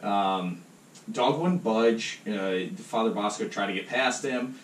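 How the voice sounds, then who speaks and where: A man's voice: lowish voice, slow pace. A man co-hosting a podcast, retelling a story in a rambling, casual way full of fillers. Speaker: podcast co-host. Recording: roomy, distant mic, faint noise.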